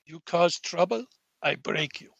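A man voicing a gruff male gang bouncer with a slight Russian accent and clipped, deadpan broken English. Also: a little high, measured pace, dull audio, exaggerated voice. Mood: menacing.

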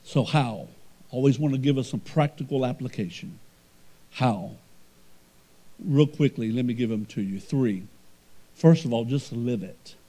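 A male pastor preaching a sermon, swinging between emphatic swells and quiet storytelling. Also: medium pitch, a little slow, pauses often.

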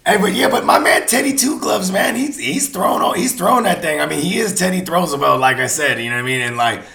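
A man hosting a casual sports podcast, animated and slangy, swearing freely and talking himself into little comic bits. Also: a little high, quick pace, creaky, echoey room. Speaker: podcast host.

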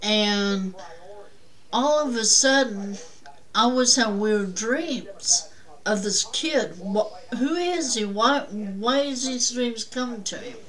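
A woman's voice: fairly high pitch, takes it slowly, fairly bright tone, rough recording. A woman guest on a talk show telling a personal story in a rambling, plainspoken way.

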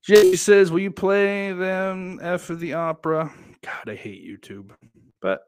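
This livestream host, chatting casually from indoors at home, swears without restraint, wanders from topic to topic and reads out his chat. He speaks a little slowly in a high-sitting voice, with a faint hiss or hum in the recording.

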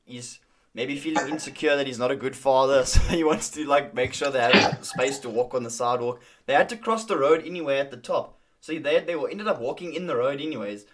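A man's voice: medium pitch, brisk, noisy background. Young man telling a story casually. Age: young adult. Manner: storytelling, acts out quoted dialogue, frequent fillers and restarts. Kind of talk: casual conversation.

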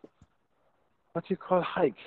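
A man chatting with a friend, animated and joking as he tells stories. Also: unhurried. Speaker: friend on a call. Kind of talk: casual chat. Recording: tinny phone line with faint noise and clicks.

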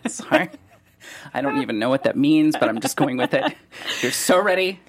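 A man hosting a podcast, reacting eagerly and throwing in quick jokes. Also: medium pitch, expressive. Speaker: podcast host. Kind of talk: casual chat.

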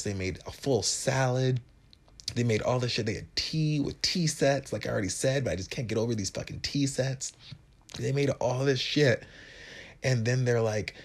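A man in his twenties from Wisconsin telling a story on his podcast in a casual, joking, profane way, often putting on higher voices for other people's lines. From Wisconsin, USA. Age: 20s. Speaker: podcast host.

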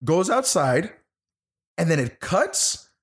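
A man's voice: fairly high pitch, takes it slowly, breathy edge. A man talking casually about a movie, swearing and laughing as he tells the plot. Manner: animated, profane, laughing storyteller. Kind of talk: casual movie review chat.

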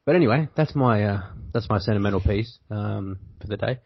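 Gravelly Australian man, rambling podcast host. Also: on the low side, a little fast, no echo. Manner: rambling, self-interrupting. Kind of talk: casual podcast chat. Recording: dull lo-fi audio.

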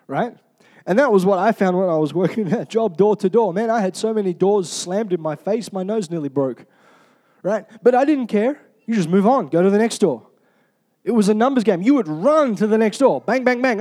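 A man preaching a sermon in an energetic, humorous way, often asking the congregation "Amen?". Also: sits high, moderate pace.

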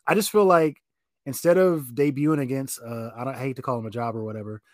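A man co-hosting a podcast, talking in a loose, rambling way full of fillers. His voice sits at an ordinary pitch and sounds dry and close to the mic, with no room around it. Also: fast, no echo. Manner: rambling, filler-heavy, animated opinions. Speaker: podcast co-host. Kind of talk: casual chat.

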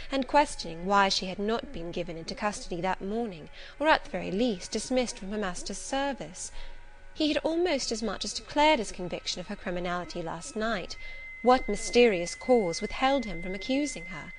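A woman narrating a classic novel in a clear, measured, expressive reading. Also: mid-range voice, rough recording. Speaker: audiobook narrator.

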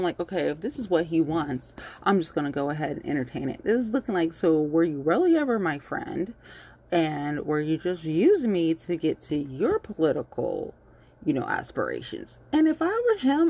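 Blunt, husky low-voiced woman. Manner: blunt, animated, swears freely. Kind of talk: casual commentary monologue.

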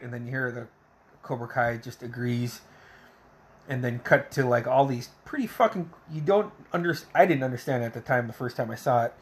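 A man's voice: medium pitch, steady tone, fairly quick, long pauses. Rambling, foul-mouthed man recapping a movie. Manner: rambling, heavy swearing, acts out quotes. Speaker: movie reviewer. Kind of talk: casual profane movie recap.

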